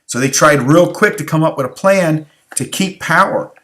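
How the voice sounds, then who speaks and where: A man's voice, on the high side and fairly bright, moves at a moderate pace through a recorded exam review. He's a tired history teacher who asks rhetorical questions and keeps repeating key phrases.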